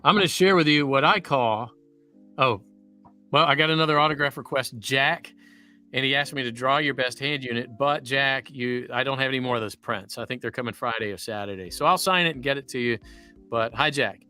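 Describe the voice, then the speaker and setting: A man's voice: medium pitch, brisk, pushed and bright, clear, resonant tone, faint music behind. A man with a Southern US accent from Louisiana, chatting casually as a voice actor on a livestream and rambling into stories.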